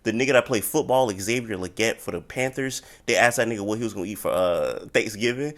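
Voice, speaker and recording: A man hosting a podcast from Florida, chatting loosely and joking in quick bursts over a call. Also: fairly low pitch. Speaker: podcast host. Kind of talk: casual chat. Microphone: remote call mic.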